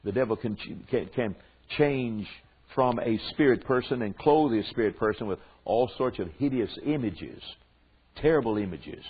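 An older man with a Southern drawl preaches to a room of men, stretching his words slowly for emphasis and dropping homespun asides. His voice is husky and grainy. The sound is thin and narrow, like it came over a phone line. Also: mid-range voice, animated. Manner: drawn-out emphatic delivery with folksy asides. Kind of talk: sermon teaching to men. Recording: tinny phone-like recording.

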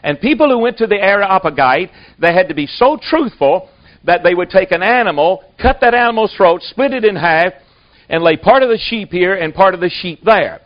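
A man's voice: sits high, lively intonation, normal speed. Man preaching a folksy sermon. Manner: folksy storytelling. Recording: dull lo-fi recording.

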